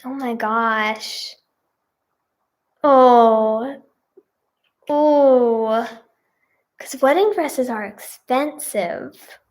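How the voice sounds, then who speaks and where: A woman's voice: a little high, very slow, long pauses. A woman giving casual reaction commentary, reading posts aloud with giggly, exclamatory remarks. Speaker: singer and video creator.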